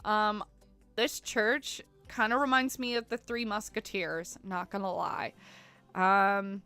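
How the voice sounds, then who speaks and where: A woman's voice: mid-range voice, fairly even intonation, takes it slowly, pushed and bright, smooth, faint music behind. A young woman streaming, talking in a rambling, chatty way with many fillers. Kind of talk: casual live-stream chat while editing photos.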